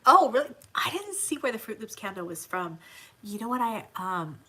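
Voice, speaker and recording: A woman's voice: on the high side, sing-song, normal speed, bright, forceful tone, husky. A woman hosting a casual livestream, chatting and answering viewer comments with frequent laughter. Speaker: livestream host.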